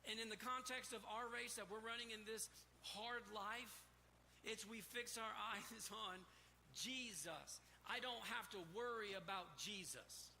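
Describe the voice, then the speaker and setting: A man's voice: sits high, unhurried, sharp tone. A male pastor preaching an impassioned, emphatic sermon from a church stage, repeating key words for stress. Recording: reverberant hall, faint room noise.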